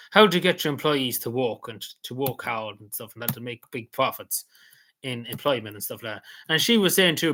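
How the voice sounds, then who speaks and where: A man's voice: medium pitch, fairly bright tone, slight background noise. A man, casually recapping an event he attended, rambling and repeating himself with many fillers. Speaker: vlogger.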